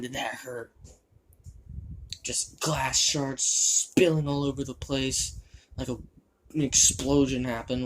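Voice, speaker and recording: A man's voice: mid-range voice, slight background noise, close to an everyday voice. A man voicing a crude, boastful male spider demon in a fan fiction monologue, rambling and gleeful about violence, with a shifting put-on British-style accent.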